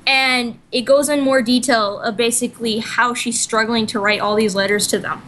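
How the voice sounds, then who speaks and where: A woman's voice: a little high, fairly even intonation, brisk, hardly any pauses, pushed and bright, slight background noise, poor audio. A woman co-hosting a casual podcast chat, retelling a story in a rambling way full of "like" and "you know", often correcting herself mid-sentence. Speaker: podcast co-host.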